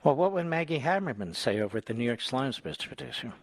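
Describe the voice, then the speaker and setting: A man's voice: medium pitch, lively intonation, fast talker, no echo. A man in his sixties with an American accent, hosting a talk radio show, sarcastic and mocking, working himself up into angry rants. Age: 60s. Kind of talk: combative talk radio monologue. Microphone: studio microphone.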